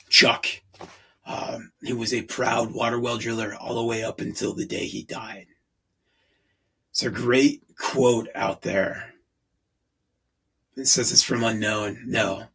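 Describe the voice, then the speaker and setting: A man's voice: mid-range voice, sharp tone, breathy edge, low-quality recording. A man in his forties hosting a podcast, talking in an earnest, rambling way. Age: 40s. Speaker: podcast host. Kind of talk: casual podcast monologue.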